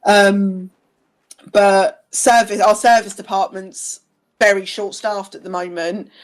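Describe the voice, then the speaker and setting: A woman's voice: medium pitch, flat delivery, slow. A young woman chatting casually on a live stream as co-host, laughing often and swearing now and then. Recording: faint music behind.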